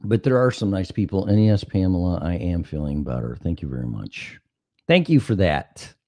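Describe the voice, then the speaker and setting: Low-voiced animated male talk host. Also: normal speed. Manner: animated, profane, acts out dialogue. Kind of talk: casual chat, anecdotal storytelling.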